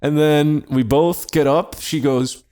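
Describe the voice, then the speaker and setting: A man's voice: a little high, steady tone, slow pace, dark tone, clean tone. A young man on a comedy podcast, casually telling a story, swearing often and laughing.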